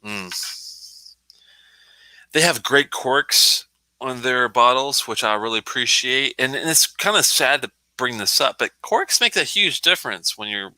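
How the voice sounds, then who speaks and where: A man's voice: medium pitch, lively intonation, unhurried, pushed and bright, no room sound, low-quality recording. A man hosting a casual live stream, chatting in a rambling way, swearing now and then and answering comments from the chat. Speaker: livestream host.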